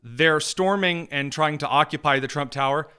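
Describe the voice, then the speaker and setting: A man's voice: on the high side, pushed and bright, clean tone. Sarcastic man hosting political commentary. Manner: sarcastic, mocking, rapid-fire.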